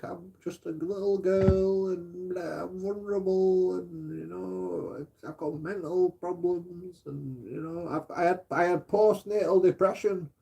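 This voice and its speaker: A man's voice: fairly even intonation, a little slow, gravelly, hardly any pauses, warm tone, far from the mic, low-quality recording. A man with an English accent putting on a whiny woman's voice, mocking her claims of being a weak, vulnerable girl. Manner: mocking, simpering falsetto.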